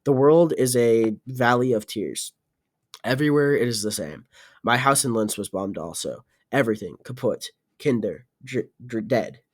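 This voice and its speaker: A man voicing a short, fat, older officer, fatherly and weary, speaking quietly and clearly in halting phrases. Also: medium pitch, lightly acted. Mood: sorrowful.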